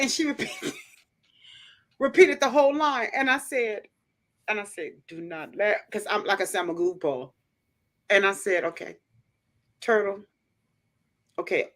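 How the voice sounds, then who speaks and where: A woman hosting a livestream, telling family stories in a casual, animated way and acting out the voices in them. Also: mid-range voice, moderate pace, long pauses. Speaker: livestream host. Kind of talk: casual storytelling chat.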